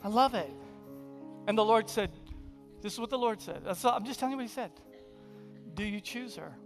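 A man preaching a sermon in a conversational, humorous storytelling way, sometimes dropping to a hushed, intimate delivery. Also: high voice, fast talker, faint music behind. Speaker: pastor.

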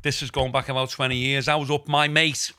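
Middle-aged man, Scouse accent, bright crisp voice, rambling anecdotes, casual chat. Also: medium pitch, flat delivery, a little fast. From Liverpool, England. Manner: rambling storyteller with many asides.

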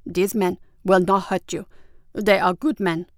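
A woman's voice: medium pitch, fairly even intonation, unhurried, no echo, studio quality, close to an everyday voice. Woman voicing a cool-headed stern young man. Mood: placating. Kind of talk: audiobook character voice.

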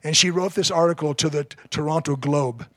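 A man's voice: on the high side, fairly quick, fairly bright tone, no echo, studio quality. A man preaching a sermon as pastor, telling a story in an earnest, emphatic way.

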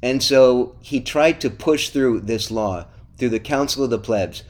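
A man hosting a history podcast, telling the story in a lively, playful way and teasing his co-host. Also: medium pitch, a little slow. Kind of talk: casual history podcast chat.

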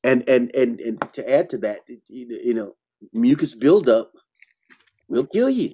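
A man with a mellow, dark voice talks bluntly about health as an herbalist host. He preaches in emphatic bursts. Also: mid-range voice, sing-song, a little slow. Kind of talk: casual health talk.

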